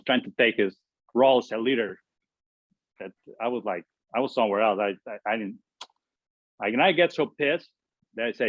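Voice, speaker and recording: A man from Mexico who speaks English, telling stories as an interview guest in halting sentences full of fillers and restarts. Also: lowish voice, dry recording. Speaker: former baseball pitcher, guest. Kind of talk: storytelling interview answers. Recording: tinny dry phone-like line.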